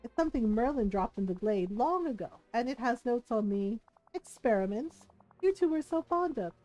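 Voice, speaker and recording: A condescending, sharp-tongued schemer, read aloud by a woman from a video game. Her voice sits high and sneers through every line. Soft game music plays faintly behind her. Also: animated, moderate pace, close to an everyday voice, poor audio. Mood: smug.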